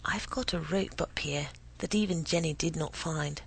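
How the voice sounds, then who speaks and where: Woman reader, gravelly, unsettled first-person storytelling with frequent whispers. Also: sits low, moderate pace, fairly bright tone, poor audio. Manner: often drops to an unvoiced whisper.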